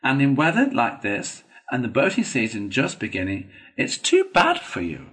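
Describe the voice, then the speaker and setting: A bright-spirited water rat , voiced by a male storyteller, speaks in a brisk, hearty manner. The lines are lively and friendly in tone, from a storybook reading. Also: mid-range voice.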